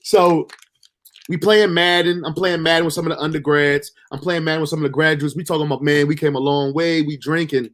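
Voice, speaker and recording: A man with a somewhat high voice tells a story from his own life. He is emotional and near tears. He halts and restarts often. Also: steady tone, a bit bright. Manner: halting, full of fillers and restarts. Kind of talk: personal storytelling monologue.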